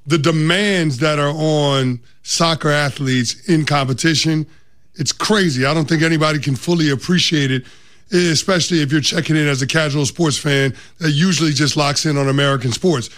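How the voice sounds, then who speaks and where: A man co-hosting sports talk radio, talking excitedly and repeating words for emphasis. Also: a little high, moderate pace.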